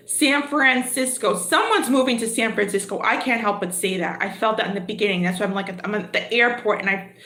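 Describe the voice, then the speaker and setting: A woman's voice: medium pitch, animated, quick pace, a bit bright, reverberant. A woman giving a live tarot reading, chatty and exclamatory, thinking aloud as she draws cards. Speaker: tarot reader.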